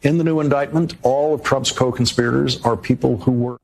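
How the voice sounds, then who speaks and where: A man delivering a scripted TV monologue in a measured, grave, emphatic way. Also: mid-range voice, steady tone, vocal fry. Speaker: TV commentator.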